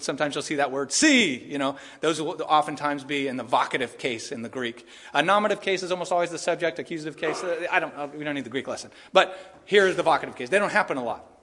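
A man preaching a sermon as pastor, earnest and conversational, with asides and soft chuckles. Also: a little high.

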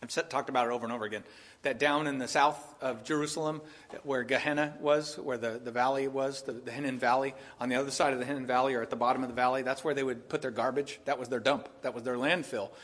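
This is an earnest pastor giving an expository sermon full of rhetorical questions for the congregation. His medium-pitched voice is steady and fairly bright, and he talks quickly.

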